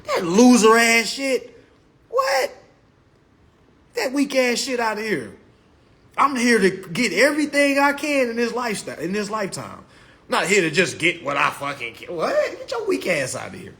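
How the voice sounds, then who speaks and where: A man giving a casual live-stream monologue, brash, profane and mocking as he promotes his class. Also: normal speed. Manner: lively pitch swings.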